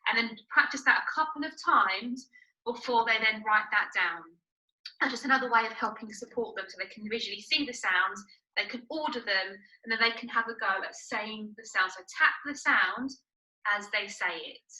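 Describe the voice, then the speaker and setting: A woman's voice: a little high, moderate pace, bright, forceful tone, low-quality recording. A woman teacher explaining a writing method to parents, step by step with the odd filler.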